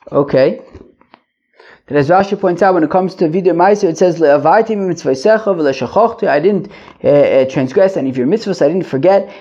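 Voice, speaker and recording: Gravelly man teaching a Talmud page. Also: a little high, mellow, lo-fi sound. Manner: explains in plain terms, many fillers and restarts; mixes Hebrew and Yiddish phrases into English. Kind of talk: daily Talmud lesson.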